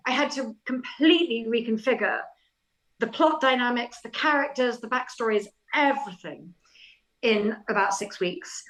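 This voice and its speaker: A woman's voice: on the high side, poor audio. Chatty woman telling stories. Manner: animated, chatty anecdotal telling with self-deprecating laughs. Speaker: author guest. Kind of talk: casual interview storytelling.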